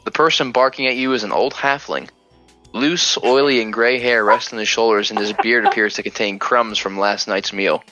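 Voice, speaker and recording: A man narrating as game master in a tabletop game, halting and restarting often. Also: lowish voice, fairly even intonation, pushed and bright, lo-fi sound, soft background music.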